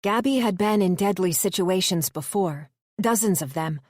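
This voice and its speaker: A woman reading audiobook narration in a measured, even way. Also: mid-range voice, no echo, clean studio sound.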